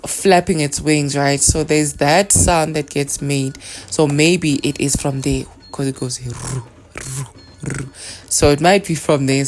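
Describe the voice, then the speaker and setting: A woman hosting a podcast, explaining a spiritual practice in a soft, meandering way and leading chanted names. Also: sits low. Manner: soft-spoken and meandering, with many fillers. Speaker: podcast host.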